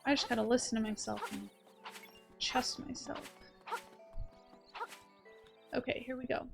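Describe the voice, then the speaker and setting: A woman with a fairly high voice talks through a video game with casual, playful commentary. She reads on-screen text aloud between quips, with faint game music underneath. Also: fairly even intonation, a little slow, vocal fry. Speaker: let's play host.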